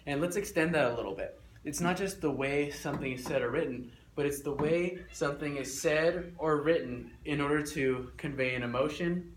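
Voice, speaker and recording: An energetic young man teaching a class, coaxing students along and repeating instructions. His mid-range voice sounds a little echoey in the classroom, with faint noise behind. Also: medium pitch. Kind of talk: classroom lesson.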